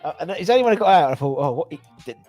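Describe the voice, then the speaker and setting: A man's voice: fairly high pitch, lively intonation, rapid-fire, darkish tone, soft background music. A man hosting a casual football fan chat show, rambling through stories and reading out viewer comments. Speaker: podcast host.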